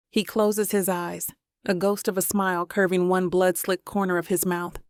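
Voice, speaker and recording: A woman's voice: on the low side, level tone, moderate pace, creaky, dry recording. A woman narrating a first-person romance audiobook with dramatic, emotional delivery on a close studio mic.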